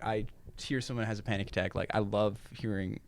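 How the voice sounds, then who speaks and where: A man's voice: on the low side, fairly even intonation, a little fast, slight background noise. A young man from Minnesota, a guest musician, chatting openly and easygoingly, laughing often. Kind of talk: casual interview chat.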